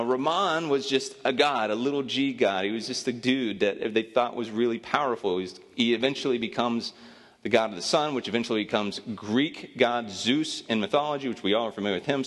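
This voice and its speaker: A man's voice: mid-range voice, moderate pace. A man giving a casual, joking sermon as a pastor, telling a Bible story in an easygoing, conversational way. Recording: long reverb of a hall.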